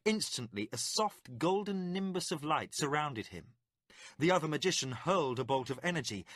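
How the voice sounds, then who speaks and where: A man narrates an epic fantasy audiobook, delivering scripted narration dramatically and expressively. His bright voice rises and falls in lively sweeps, recorded close and dry with no echo.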